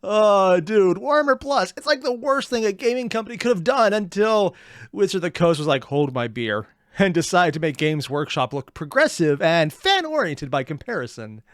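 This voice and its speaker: A man hosting a reaction video, sarcastic and excitable, swearing freely. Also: sits high, normal speed, no echo, studio quality. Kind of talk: reaction commentary.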